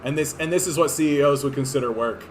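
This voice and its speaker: A man's voice: a little high, fast talker, slight background noise. A man in his thirties from Canada, rambling through casual political commentary on clips, sarcastic and profane, full of fillers and restarts. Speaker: political streamer.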